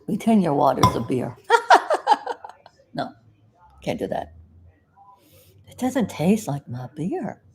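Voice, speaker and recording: A woman from South Florida chatting casually to camera as a vlogger, folksy and rambling, with sudden loud outbursts followed by sheepish apologies. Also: low voice, sing-song, measured pace, pauses often. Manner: folksy, talks aside to her dog.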